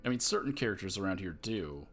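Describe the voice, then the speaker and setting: Chatty gamer with a lively voice. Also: male voice, low-pitched, fast talker, over music. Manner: chatty, amused, reads dialogue options aloud. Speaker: gamer playing and commenting. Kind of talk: casual gameplay commentary.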